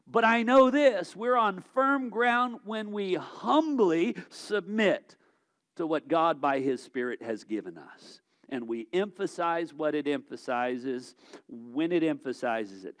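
A man's voice: high voice, fairly bright tone, no echo. A male pastor preaching a sermon in a conversational way, with restarts and rhetorical questions.

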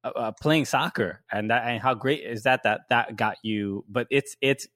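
Halting podcast co-host, dry sound. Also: male voice, medium pitch, fairly bright tone, no room sound. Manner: halting, restarts often, supportive. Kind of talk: casual chat.

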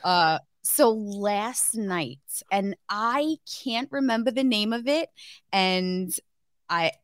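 Animated, giggly woman telling a story. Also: medium pitch, slow pace, no room sound, studio quality. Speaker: podcast co-host. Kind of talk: casual chat. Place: podcast studio.

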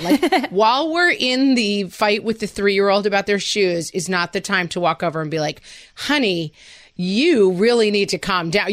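A woman co-hosting a parenting podcast, talking quickly and chattily with easy laughs. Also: medium pitch. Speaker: podcast co-host. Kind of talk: podcast conversation.

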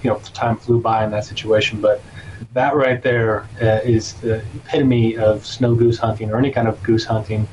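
A man's voice: fairly low pitch, little pitch movement, normal speed, a little mellow, muffled recording, a little hiss or hum. A man recalling a hunt as a podcast guest, easygoing and a bit rambling. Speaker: guest, camera operator. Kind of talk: casual podcast chat.

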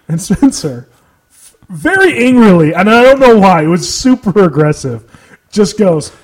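A man's voice: high-pitched, measured pace, pauses often. A man co-hosting a podcast in casual chat, telling stories with lots of laughter and mocking asides. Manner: animated, laughs often, mocking storyteller. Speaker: podcast co-host.

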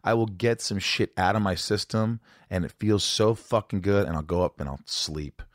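Man, podcast host, low-ish voice, dry close sound, blunt and open, swearing. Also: normal speed, dry recording. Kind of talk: casual podcast interview.

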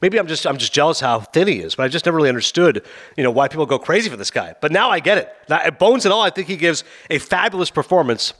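A man hosting a casual film review chat, talking fast and acting out scenes in quoted voices. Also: a little high, lively intonation, fairly bright tone.

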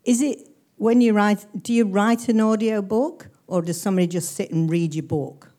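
A woman's voice: medium pitch, fairly even intonation, moderate pace, warm tone. A woman in the audience politely asking a question at a live author talk, heard from across the hall.

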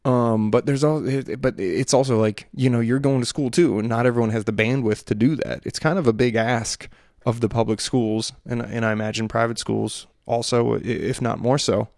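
A man's voice: medium pitch, fairly even intonation, normal speed, gravelly, darkish tone, no echo, studio quality. A man in his thirties talking through his thoughts in a rambling, hesitant monologue full of fillers and restarts. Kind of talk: reflective solo monologue.

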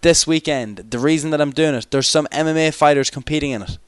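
A man's voice: on the high side, quick pace, clear, resonant tone, no room sound, studio quality. A young man co-hosting a podcast in rambling, jokey, tired late-night chat. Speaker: podcast co-host. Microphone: external microphone.

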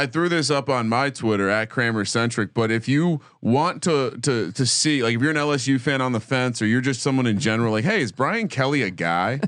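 A man's voice: medium pitch, a bit bright, no echo. A male co-host in a middle register who riffs with blunt emphasis and swears freely. The sound is dry and close to the mic. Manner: emphatic, profane, riffing. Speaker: podcast co-host. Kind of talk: casual sports chat.

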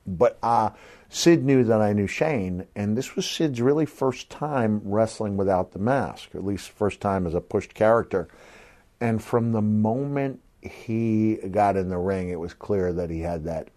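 Lively storytelling man, low voice. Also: a little slow. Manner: laughs often while telling stories, animated. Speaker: podcast co-host, former wrestler. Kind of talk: casual storytelling chat.

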